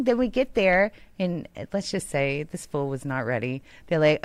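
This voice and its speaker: A woman radio co-host, chatting casually and telling an animated story, acting out other people's lines. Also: mid-range voice, normal speed, no room sound. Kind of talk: casual on-air banter and storytelling.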